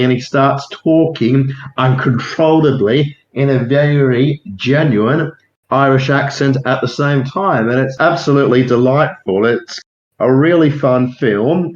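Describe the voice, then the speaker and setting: A man in a casual podcast discussion, chatty and enthusiastic. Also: mid-range voice. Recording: echoey, dull lo-fi room sound.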